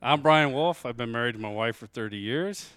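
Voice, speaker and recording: A man's voice: medium pitch, expressive, fairly quick, fairly bright tone, clear, resonant tone, no room sound, studio quality. A man in his fifties, a podcast guest in casual chat, wisecracking and teasing.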